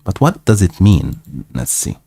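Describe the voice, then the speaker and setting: Slow, deep-voiced man reading aloud carefully. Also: big pitch swings, creaky, dark tone, husky, no echo. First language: Arabic. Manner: careful, repeats words and sounds out hard ones. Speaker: host of a live English reading stream. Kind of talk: reading a classic novel aloud for practice.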